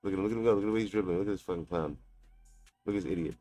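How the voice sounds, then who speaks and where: A man's voice: deep voice, rapid-fire, dark tone, dry recording, soft background music. A man streaming a basketball video game, taunting and mocking his opponent with a profane, trash-talking manner. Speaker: gaming streamer. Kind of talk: live gameplay trash talk.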